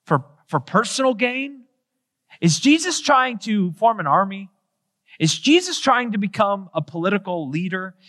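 Man preaching earnest sermon, high voice, long reverb, rhetorical questions. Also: a bit bright. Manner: earnest, rhetorical questions, acts out quoted dialogue.

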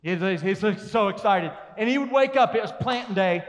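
A male pastor preaching an energetic sermon, calling on the congregation to repeat lines with him. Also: sits high, normal speed. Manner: energetic, calls congregation to respond. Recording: long reverb of a large hall.

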